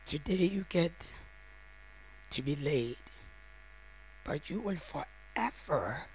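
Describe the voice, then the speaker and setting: Slow, halting grieving mother's eulogy. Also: sits low, expressive, a little mellow, a little hiss or hum. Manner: halting, broken into short phrases; heartfelt, speaks directly to the mourners. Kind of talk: funeral eulogy.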